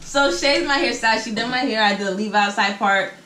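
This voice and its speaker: A woman's voice: fairly high pitch, fairly quick, roomy sound, background noise. A young adult woman vlogging from home in a casual storytime chat, slangy and acting out what each person said. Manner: chatty, slangy storytelling that acts out what people said. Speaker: vlogger telling a story time. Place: in her home. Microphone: camera mic.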